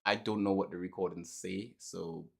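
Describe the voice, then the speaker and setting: A man's voice: low voice, steady tone, normal speed, gravelly. A man chatting casually as a podcast co-host, rambling, repeating words and laughing often. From Trinidad and Tobago. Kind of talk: casual chat.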